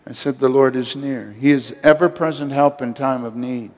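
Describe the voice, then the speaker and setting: An older man serving as pastor delivers a sermon at a moderate pace, his mid-range voice a little mellow and fairly even in intonation. Speaking emphatically, he urges the congregation to respond, and the sanctuary adds long hall reverb.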